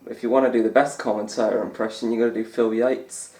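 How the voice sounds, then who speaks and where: A man's voice: fairly low pitch, fairly even intonation, fast, a little mellow, echoey room. A young man chatting casually over a snooker game as a gaming YouTuber, rambling and laughing often. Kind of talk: let's-play commentary.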